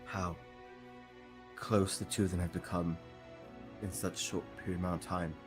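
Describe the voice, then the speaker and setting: A man voicing a remorseful young woman hero who explains herself in halting apologies. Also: low-pitched, level tone, over music, lightly acted. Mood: defensive.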